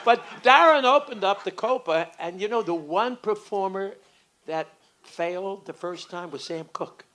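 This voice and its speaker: A man interviewing at a live Q&A, chiming in with quick jokes. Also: high-pitched, sharp tone.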